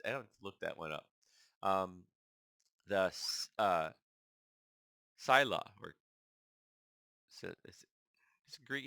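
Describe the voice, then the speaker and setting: A man with a low, forceful voice reads through a list and muses on each entry. He speaks in a casual, halting way and stumbles over names he does not know. The sound is dry and close, with no room echo. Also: clean tone. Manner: thinks aloud, halting over unfamiliar names. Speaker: channel host. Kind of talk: casual musing while reading a list aloud.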